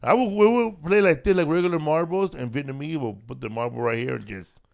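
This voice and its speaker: A man co-hosting a podcast, telling stories in lively, joking banter. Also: fairly high pitch, fairly quick, vocal fry. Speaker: podcast co-host. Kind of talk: casual podcast chat.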